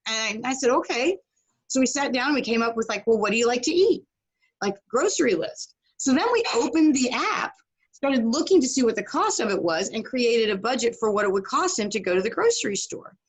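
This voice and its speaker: Animated storytelling woman, high-ish voice. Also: fairly quick, slightly rough. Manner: animated, acts out quoted voices. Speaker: guest on a podcast. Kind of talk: casual storytelling.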